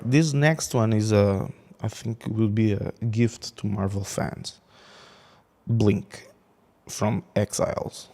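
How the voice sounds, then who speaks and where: A man's voice: on the low side, gravelly, darkish tone. A man in a casual game commentary, rambling with many restarts and laughing at his own jokes. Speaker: gaming video creator.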